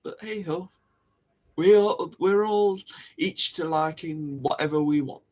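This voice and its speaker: A man's voice: on the high side, unhurried, a little mellow. A man hosting a livestream, chatting casually to viewers in a rambling way, often laughing and repeating himself. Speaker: livestream host. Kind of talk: casual chat to live viewers.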